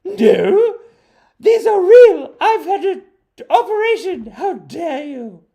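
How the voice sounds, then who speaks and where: A man putting on a high, shrill falsetto as an indignant woman teacher who shrieks in outrage. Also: sing-song, slow pace, gravelly, mellow, full character voice.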